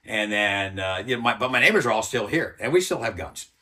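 This interview guest, a sixty-something ex-soldier, sounds pushed and bright, low-ish, and a little fast, with lively intonation. His storytelling is blunt and profane, and he acts out the people he quotes.

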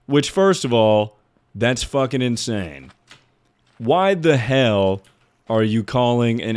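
A man streaming live, chatting casually with his viewers in a rambling, joking way with plenty of swearing. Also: mid-range voice. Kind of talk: casual livestream chat.

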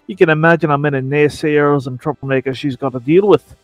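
A man voicing a worldly, rough-talking male seafaring adventurer with a folksy put-on drawl, reading game dialogue. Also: a little high, a little fast, no echo, faint music behind, pitched below the performer's own voice, close to an everyday voice.

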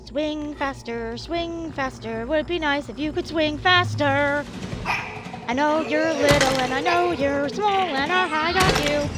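A young woman streams a game live, talking to the characters, getting frustrated and swearing as she comments on the gameplay. Her voice sits high and moves slowly, against a noisy background.

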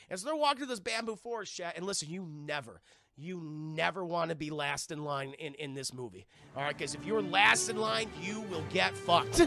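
A man streaming live, recapping a film casually, profane and excitable, and talking to his chat throughout. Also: sits high, normal speed, creaky, no echo, faint music behind.

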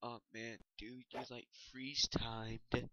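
A man's voice: mid-range voice, level tone, slow, a bit bright, dry recording. A man giving rambling, hesitant let's play commentary with lots of fillers, on a dull lo-fi recording with noise and mouse clicks. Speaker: gamer.

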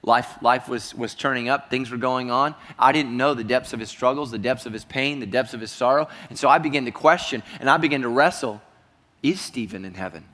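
Earnest pastor in an echoey church hall. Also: male voice, medium pitch, brisk, few pauses. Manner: earnest, dropping to a hushed voice for heavy moments. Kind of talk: sermon storytelling.

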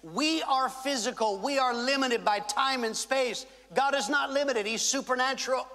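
A man pastor preaching a sermon, with dramatic pauses and acted-out quotes. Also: very high-pitched, bright, forceful tone. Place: large church hall. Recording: reverberant church hall.

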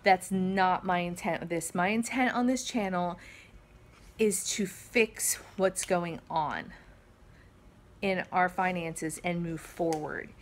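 A woman's voice: on the low side, takes it slowly, a little hiss or hum. Earnest, shaky-voiced woman vlogging at home. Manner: earnest, rambling, many fillers and restarts. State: emotional, shaky. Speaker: vlog host. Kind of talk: casual heartfelt talk to camera. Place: family home with kids around.

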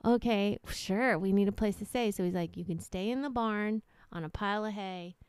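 Podcast co-host, female, rambling storyteller with a smooth voice, dry close sound. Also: mid-range voice, normal speed, no echo. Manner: rambling storyteller, acts out characters loudly. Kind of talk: casual chat, telling a long joke.

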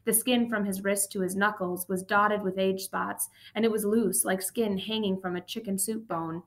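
A woman reading a first-person memoir aloud as an audiobook narrator, steady and even. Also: mid-range voice, normal speed.

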